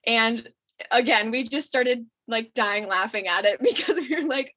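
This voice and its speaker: A woman in her twenties, a podcast guest, telling a childhood story in a casual, animated way and laughing often. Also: a little high, moderate pace, poor audio.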